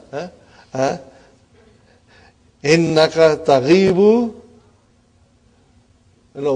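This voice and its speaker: Man, Arabic teacher, classroom lesson, encouraging, question-asking, slightly high pitch. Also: darkish tone. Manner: encouraging, asks the class questions, repeats words for emphasis. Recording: classroom lecture recording.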